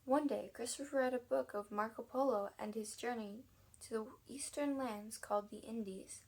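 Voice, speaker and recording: Woman reader, children's story narration, casual and unpolished. Husky with a gravelly edge. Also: on the high side, normal speed, a little mellow, poor audio. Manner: casual reading with restarts and asides. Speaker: audiobook reader.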